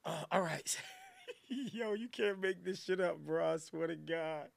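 Guy hosting a radio show, high bright voice, slow easy talk, loud slangy banter. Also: fairly even intonation, creaky. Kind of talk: casual radio show chat.

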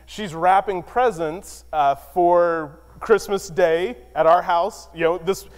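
High-voiced pastor telling a story. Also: male voice, takes it slowly, long reverb tail. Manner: conversational, self-deprecating storyteller with many fillers. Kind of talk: sermon with personal storytelling.

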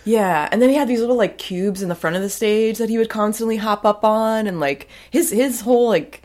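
A woman's voice: medium pitch, fairly quick, darkish tone. A woman co-hosting a podcast in casual chat, talkative and candid with lots of fillers. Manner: chatty, many fillers, candid opinions. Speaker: podcast co-host.

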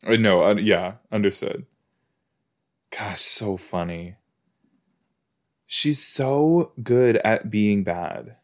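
A man's voice: fairly low pitch, drawn-out words, pauses often. A man hosting a podcast, reacting aloud with gushing exclamations and laughs while watching a TV episode. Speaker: podcast host.

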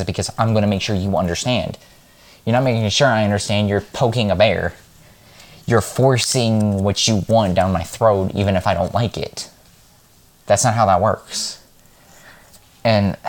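Frank, rambling man with a low voice. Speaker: vlogger. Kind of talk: casual monologue.

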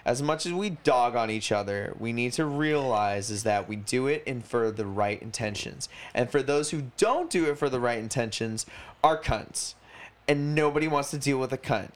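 A man's voice: mid-range voice, moderate pace. A young man co-hosting a podcast in casual chat, blunt and profane, rambling through his points. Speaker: podcast co-host.

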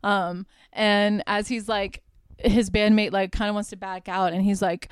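A woman's voice: mid-range voice, fairly even intonation, a little slow, clear, resonant tone, no echo. A woman hosting a podcast, recapping a movie in a chatty, irreverent way and swearing freely. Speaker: podcast host. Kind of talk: casual solo movie recap.

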